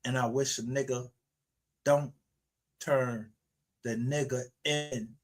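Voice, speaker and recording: A man's voice: medium pitch, steady tone, takes it slowly. A man ranting aggressively on a livestream, confrontational and full of profanity. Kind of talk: angry livestream rant.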